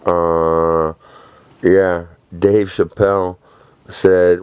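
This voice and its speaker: Man, low voice, smooth tone, rambling monologue, profane, boastful, laughing. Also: little pitch movement, slow, a little mellow, dry recording.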